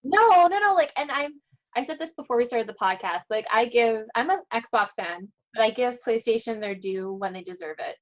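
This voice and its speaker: A woman's voice: fairly high pitch, expressive, moderate pace, dull audio. A woman co-hosting a gaming podcast, talking in an emphatic, opinionated way. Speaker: podcast co-host. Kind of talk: casual chat.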